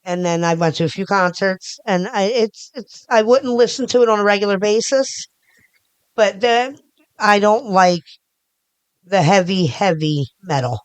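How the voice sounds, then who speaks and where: Speaking a little slowly at medium pitch with no echo, a middle-aged woman from around Philadelphia chats casually as a podcast guest. She rambles, keeps restarting her sentences, and gestures with her hands as she talks.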